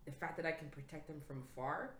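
Low-voiced woman podcast host in an echoey room. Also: quick pace, a bit bright, slight background noise. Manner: affirming, frequent "correct". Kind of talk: casual podcast chat.

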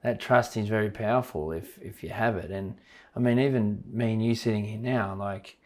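A man's voice: fairly low pitch, normal speed. A man, a coach hosting a podcast interview, talking loosely and repeating himself as he goes. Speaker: podcast host, sports coach. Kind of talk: casual interview chat.

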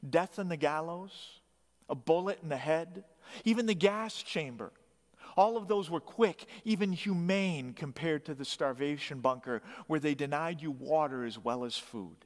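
A man's voice: on the high side, long reverb tail. A man narrating a story dramatically, swelling his emphasis on key phrases.

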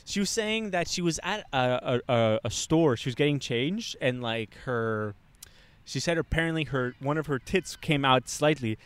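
A young man rambles through a story in loose podcast chat, swearing and doubling back as he goes. His pitch swings widely. His voice sounds smooth and clear, and he was recorded outdoors in a park. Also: expressive, moderate pace, fairly bright tone. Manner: rambling, swearing, laughing storyteller with many restarts. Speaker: podcast co-host.

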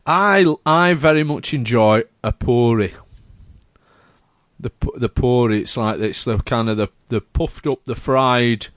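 A man's voice: medium pitch, a little slow, a bit bright, no room sound. A man hosting a casual chat, rambling and searching for his words. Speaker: podcast host.

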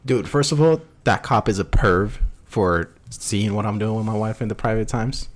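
A man's voice: lowish voice, moderate pace. A young man co-hosting a podcast, teasing his friends with crude jokes. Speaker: podcast co-host. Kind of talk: casual banter.

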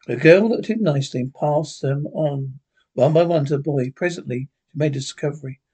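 A man reading a classic horror story aloud in a plain, steady storytelling voice, with occasional slips. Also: fairly high pitch, brisk, slightly rough. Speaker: narrator.

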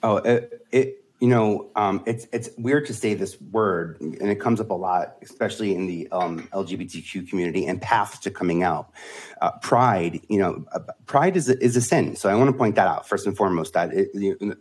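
Husky man in his forties, candid. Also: deep voice, moderate pace, a little mellow. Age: 40s. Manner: candid, laughs often, restarts phrases. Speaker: podcast guest. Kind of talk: casual conversation.

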